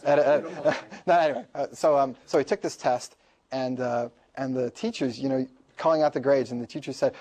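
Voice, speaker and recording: A man lecturing to a class, telling a story in an animated way and laughing often. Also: mid-range voice, a little fast.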